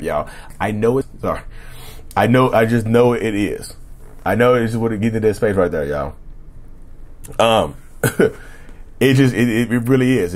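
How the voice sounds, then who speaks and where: A man hosting a casual solo podcast, talking in a rambling, repetitive way with a slightly rough throat he keeps clearing, and often asking the listeners "right?". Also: lowish voice, a little mellow. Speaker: podcast host.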